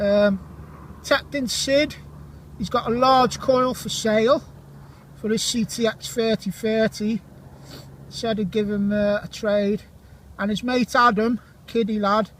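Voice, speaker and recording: Chatty man with a high voice detecting outdoors. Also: a little hiss or hum, poor audio. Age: 40s. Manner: chatty, jokey, gives shout-outs to friends. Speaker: metal detecting vlogger. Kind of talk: casual commentary while detecting outdoors. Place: outdoor field.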